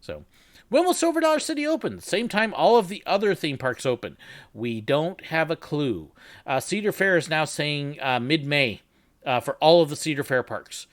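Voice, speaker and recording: A man's voice: a little high, big pitch swings, normal speed. A man hosting a live chat, talking casually and joking while answering viewers and telling work stories. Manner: chatty, laughs easily, jokey. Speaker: host. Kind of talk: live reaction chat and storytelling.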